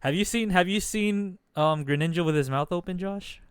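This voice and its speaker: A man's voice: high voice, normal speed, clean tone, dry recording. A man hosting a casual group chat who laughs often and swears casually. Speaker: stream host.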